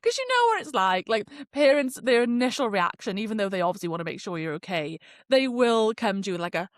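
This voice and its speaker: A young British woman hosting a podcast, telling a story in a chatty, animated way with lots of fillers and swearing. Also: mid-range voice, fast, no echo, studio quality. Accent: British English. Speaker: podcast host. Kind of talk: casual storytelling.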